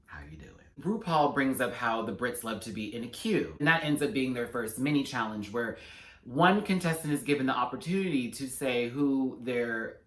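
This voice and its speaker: A man giving a casual, sassy episode recap and review with animated, slangy asides. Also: mid-range voice, normal speed. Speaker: reality TV reviewer. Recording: roomy echo.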